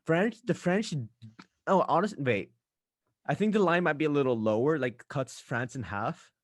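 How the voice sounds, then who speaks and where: A young man hosting a podcast in casual chat, ranting animatedly with quick asides. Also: a little high, animated, no echo, clean studio sound. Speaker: podcast host.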